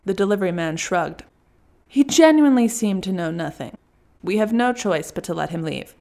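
A woman's voice: mid-range voice, lively intonation, normal speed, a little mellow. A woman narrating a first-person story in a wry, dry storytelling manner.

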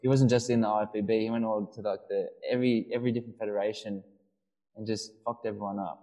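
A man's voice: fairly low pitch, level tone, fast, mellow, rough recording. A man co-hosting a casual podcast, telling a long story with many restarts and fillers. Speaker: podcast co-host. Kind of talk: casual chat.

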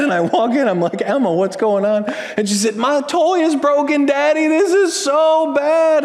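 Male pastor, sermon delivery, lively swings from loud to hushed, slightly high voice, echoing church hall. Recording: long reverb of a large hall.

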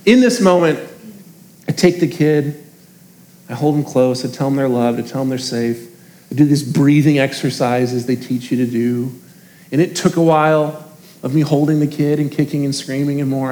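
A man's voice: a little high, normal speed, a little mellow. A man in his thirties, a pastor preaching a sermon in an earnest, confessional, conversational way, speaking directly to his congregation.

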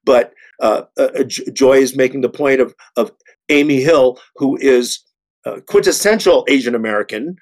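A man's voice: medium pitch, moderate pace. A man in his sixties, an actor on a panel, speaking earnestly with many restarts and repeated words. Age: 60s. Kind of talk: panel discussion.

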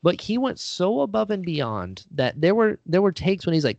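A man's voice: high voice, very animated, fairly quick, gravelly, darkish tone, no room sound. Chatty man with muffled sound. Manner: rambling, self-deprecating, many fillers and "like". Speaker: guest, actor and writer. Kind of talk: casual interview talk.

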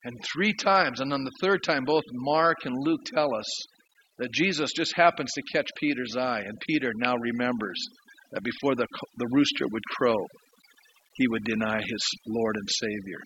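A man's voice: medium pitch, normal speed, a bit bright, lo-fi sound, slight background noise. A man preaching a sermon as pastor, telling stories earnestly with emphatic rises and drops.

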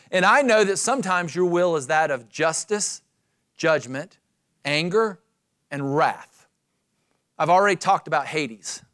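A man preaching a sermon as pastor, emphatic and dramatic, slowing to stress key phrases. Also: on the high side.

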